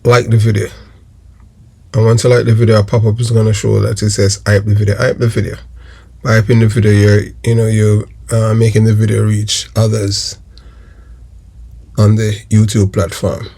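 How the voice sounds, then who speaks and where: A man's voice: on the low side, completely flat delivery, moderate pace, gravelly, a little mellow. A Jamaican man hosting a crime news vlog, talking emphatically and repeating phrases for stress. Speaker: crime news channel host. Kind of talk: commentary vlog.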